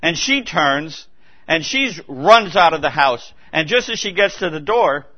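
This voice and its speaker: A man's voice: fairly high pitch, expressive, unhurried. A man preaching a sermon in a church, earnest and emphatic, repeating his key points and restarting phrases as he goes. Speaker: pastor. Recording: dull lo-fi recording.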